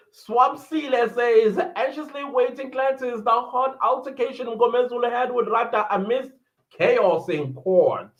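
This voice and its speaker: Chatty South African man, high voice. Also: lively intonation, takes it slowly, muffled recording. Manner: chatty, reads viewer chats aloud and reacts. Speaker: live-stream commentator. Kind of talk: casual live-stream commentary.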